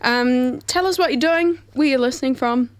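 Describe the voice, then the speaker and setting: A woman's voice: sits high, a little fast, no echo. A woman, hosting a radio show in casual chat, with a lot of "um" as she talks. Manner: chatty, laughs easily, hesitant fillers. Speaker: radio host.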